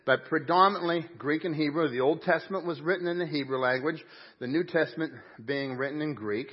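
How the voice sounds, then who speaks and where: Male pastor, fairly high husky voice, emphatic folksy preaching, dull lo-fi church recording. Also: a little fast. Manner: emphatic preaching, folksy asides, some huffing breath. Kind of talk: sermon. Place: church sanctuary. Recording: dull muffled audio.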